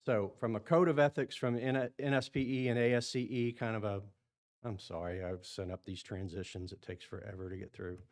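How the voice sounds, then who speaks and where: A man's voice: fairly low pitch, fairly even intonation, fairly quick, darkish tone. A man presenting at an engineering seminar in a meeting room, chatty, often repeating words and asking the audience questions. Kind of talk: conference talk to engineers.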